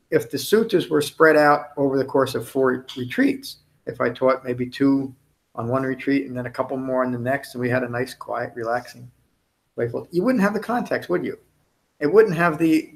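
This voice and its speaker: A man's voice: medium pitch, vocal fry. A man teaching at a meditation retreat, speaking conversationally to the group, often ending points with tag questions and restarting sentences as he goes. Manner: restarts and self-corrections mid-sentence. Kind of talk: dharma talk to a retreat group.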